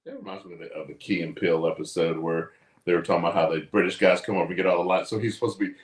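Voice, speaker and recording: A man co-hosting a casual chat show, telling animated stories and swearing freely. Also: deep voice, very fast, echoey room. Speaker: co-host.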